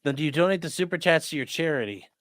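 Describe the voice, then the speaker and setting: A man's voice: fairly high pitch, animated, fast, a bit bright. A man who is a lawyer chats casually on a livestream, joking and reading viewer comments aloud.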